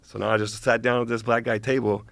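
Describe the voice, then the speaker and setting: A man's voice: mid-range voice, level tone, fast, gravelly, a bit bright. A man telling a story in a laid-back, slangy way as an interview guest. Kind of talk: casual storytelling.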